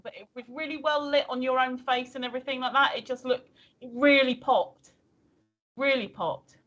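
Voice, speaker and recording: Giggly high-voiced woman streamer. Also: fairly bright tone, muffled recording. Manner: chatty, giggly, reads viewer messages aloud. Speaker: co-host of a livestream. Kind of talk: casual chat.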